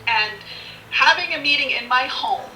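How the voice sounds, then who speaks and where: A middle-aged woman appears as a podcast guest, telling her own story with candor and animation. Her voice is high, bright, and forceful at a moderate pace, and she swears freely and laughs often. The recording has an echoey room, a distant mic, and faint music.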